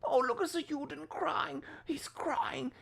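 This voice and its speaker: A man's voice: very high-pitched, steady tone, measured pace, creaky, fairly bright tone, pitched above the performer's own voice, heavily acted. A man putting on a sneering mock-German taunter. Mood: taunting. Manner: sneering, taunting, sing-song.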